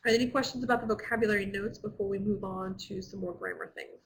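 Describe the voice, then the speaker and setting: A woman's voice: mid-range voice, fairly even intonation, fast talker, gravelly, a little hiss or hum, poor audio. Patient woman teaching an online Latin class. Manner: patient, explanatory, with frequent fillers.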